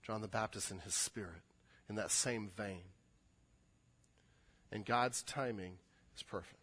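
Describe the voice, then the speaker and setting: A man preaching a sermon in an animated way, building to emphatic peaks. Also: fairly low pitch, unhurried, slightly rough. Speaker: pastor.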